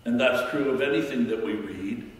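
A man minister giving a sermon in a church, speaking in a slow, reflective way with pauses. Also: mid-range voice. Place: church sanctuary. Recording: echoey church hall from far off.

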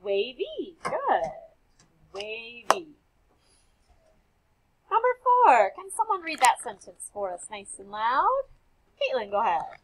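A woman's voice: sits high, wildly swooping pitch, moderate pace, a little hiss or hum, poor audio. A young woman teaching a classroom phonics lesson, calling on students by name and repeating their answers with encouragement. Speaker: elementary school teacher.

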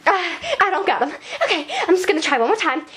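A woman's voice: very high-pitched, expressive, fast talker, background noise. A woman voicing a vain, ditzy female fashion doll, rambling in breathless valley-girl chatter in a hyper improvised vlog. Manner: rambling and scatterbrained. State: breathless from talking fast. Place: bedroom at night.

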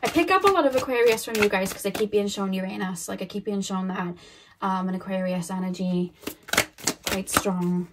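A woman's voice: mid-range voice, normal speed, heavy background noise. A young woman giving a casual, rambling tarot reading to camera, laughing often and acting out little quoted voices. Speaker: tarot reader.

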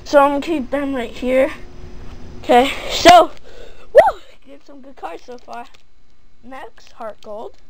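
Woman for an unboxing vlog: unhurried, a touch high, thinks aloud, bursts into excited squeals. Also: heavy background noise. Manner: gushing, excitable, breaks into squeals; lists items slowly, thinking aloud. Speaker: card opening vlogger. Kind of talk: casual unboxing narration.

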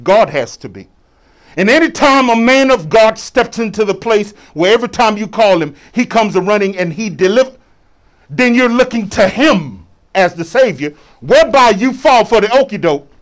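A man's voice: high voice, lively intonation, normal speed. A man preaching a sermon as a bishop, colloquial and preacherly, calling out to his congregation for responses.

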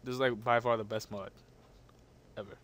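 At normal speed, a gaming channel host runs hyper, excitable let's-play commentary. He jumps from sudden yelps to low mutters and trash-talks his opponents.

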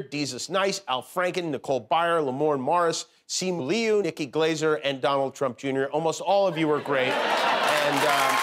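A man delivering a joking late-night monologue as host in a TV studio. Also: fairly high pitch. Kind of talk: comedic monologue. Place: TV studio with live audience. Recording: studio audience noise.

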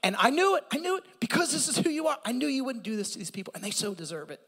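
A man plays a resentful prophet in a sermon, his voice pushed high and loud with indignation. He sounds exasperated and emphatic. The words echo with a long hall reverb. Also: expressive, very fast, husky, exaggerated voice.

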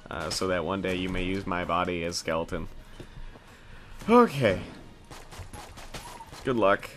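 Young man, lowish bright voice, swearing and self-mocking let's play commentary over faint game music. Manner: jokey, profane, self-mocking, quick bursts of panic. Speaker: gaming video host.

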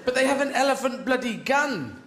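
A man's voice: extremely high pitch, big pitch swings, brisk, a bit bright. A man doing stand-up comedy, rambling in a profane, mock-indignant way. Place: live comedy venue. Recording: echoey venue with crowd noise.

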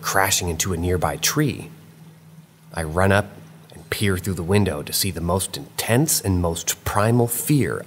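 A man narrating true paranormal stories in a measured, dramatic way, drawing out key phrases slowly. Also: sits low, a little hiss or hum. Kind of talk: scripted narration.

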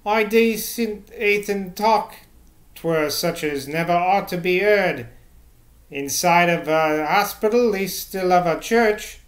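A man's voice: high voice, slow. A man voicing a gossiping old village woman with a rustic dialect, shocked at what she overheard. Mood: scandalised. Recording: echoey room.

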